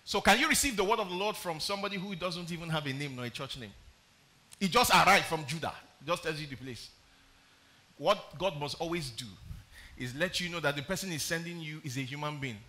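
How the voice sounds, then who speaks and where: A pastor preaching a sermon, reading scripture aloud and explaining it, often putting questions to the congregation. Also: male voice, fairly high pitch, a little fast, bright, forceful tone. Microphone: streamed live sermon.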